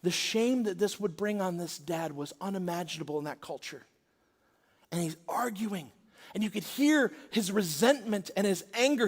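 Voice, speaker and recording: A man with a high voice preaches to a congregation, telling the story with dramatic swings between quiet, intimate asides and loud, acted-out quotes. His voice rings through a large church auditorium with a long reverb. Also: lively intonation, moderate pace. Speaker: pastor. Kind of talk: sermon.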